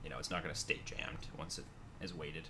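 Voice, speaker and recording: A man with a very low, bright voice talks casually about building his machine. He rambles, full of fillers and restarts. Faint noise hums underneath. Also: steady tone, fairly quick. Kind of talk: casual conversation.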